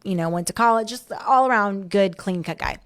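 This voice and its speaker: Woman telling her story casually, matter of fact, laughs at herself, mid pitch. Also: a little fast. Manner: candid, matter-of-fact, self-mocking.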